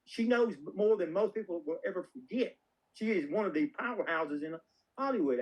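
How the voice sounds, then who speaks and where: A man's voice: sits high, animated, moderate pace, a little mellow, poor audio. A filmmaker guest in a casual interview, a man telling folksy, rambling anecdotes with plenty of restarts.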